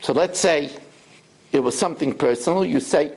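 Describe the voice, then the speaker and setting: A middle-aged rabbi giving a sermon, telling stories and acting out quotes. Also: male voice, fairly high pitch, normal speed, creaky, husky. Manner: animated storytelling, acts out quotes.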